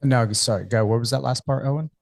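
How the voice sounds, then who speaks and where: A man's voice: medium pitch, fast talker, vocal fry, soft background music. An American man hosting a radio interview, chatty and enthusiastic as he asks questions. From United States. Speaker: radio host.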